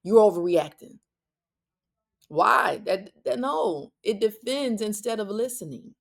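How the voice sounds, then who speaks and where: A woman hosting a solo parenting podcast, talking directly and bluntly to listeners, with quick asides and restarts. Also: medium pitch, lively intonation, creaky, a bit bright. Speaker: podcast host.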